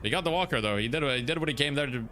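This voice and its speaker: A man's voice: medium pitch, expressive, rapid-fire, sharp tone, slight background noise. A man streaming a game and coaching a team, joking and laughing as he chats with viewers and a co-caster. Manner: joking, laughs often, reads out donations. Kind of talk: casual gaming stream chat.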